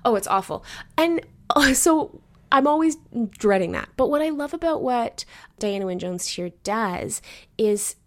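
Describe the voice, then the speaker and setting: A woman co-hosting a casual book discussion, chatty and animated, laughing often and filling her talk with "like". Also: fairly high pitch, measured pace. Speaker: book podcast co-host.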